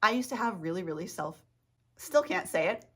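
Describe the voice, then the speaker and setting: A woman's voice: mid-range voice, lively intonation, normal speed, slightly rough. A woman talking to camera in a casual rambling monologue as a self-help vlogger, tripping over her words, losing her train of thought and giggling.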